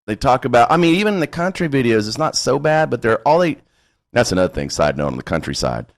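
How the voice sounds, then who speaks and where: A man's voice: medium pitch, very animated, quick pace. Male podcast host, casual rant, salty language, laughs as he talks. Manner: blunt, profane, laughing rants. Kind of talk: casual chat.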